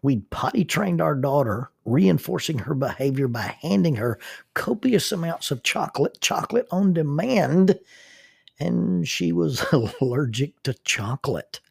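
A middle-aged man hosting a podcast, telling family stories in a folksy, unhurried way and reading sponsor messages. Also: medium pitch, vocal fry, slightly rough, no room sound, clean studio sound. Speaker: podcast host. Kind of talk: podcast storytelling with sponsor reads.

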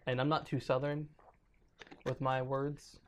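A man's voice: medium pitch, flat delivery, a little slow. A man co-hosting a podcast in casual chat, joking and swearing, laughing often. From born in Germany, raised in the US South. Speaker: podcast co-host.

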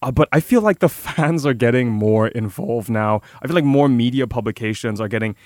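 A man's voice: medium pitch, expressive, a little fast, darkish tone, dry recording, clean studio sound. Chatty sarcastic man co-hosting a podcast. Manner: chatty, sarcastic asides, repeats words when starting sentences. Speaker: podcast co-host. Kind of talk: casual podcast chat.

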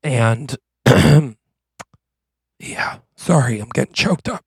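A man playing a grieving widower and former city newspaper editor, gruff and evasive. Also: mid-range voice, flat delivery, moderate pace, darkish tone, no echo, studio quality, close to an everyday voice.

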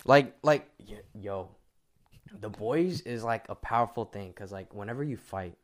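A young man in casual podcast chat, slangy and rambling, often dropping to a low mutter. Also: a little slow.

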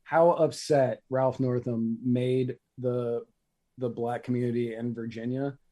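A man's voice: medium pitch, level tone, measured pace, dark tone. A man co-hosting a casual political commentary show, joking and bantering with his partner. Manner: joking, bantering, laughs at his own jokes. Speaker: co-host.

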